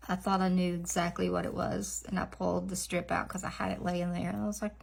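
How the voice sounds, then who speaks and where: A middle-aged woman, chatting casually in a nail art vlog, rambling and laughing often, with soft asides. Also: on the low side, level tone, a little fast, creaky, few pauses, breathy edge.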